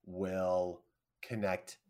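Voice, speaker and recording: A podcast co-host in casual chat, excitable, with quick bursts and big reactions. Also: deep voice.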